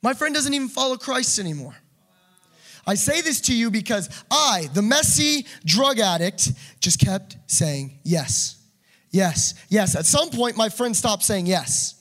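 A man preaching a passionate sermon, swinging between loud urging and quiet asides. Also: high voice, very animated, measured pace.

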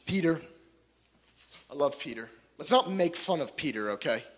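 A man preaching a sermon with passion, swinging from loud pleading to hushed tones, with joking asides. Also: fairly high pitch, lively intonation, moderate pace. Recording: long hall reverb.

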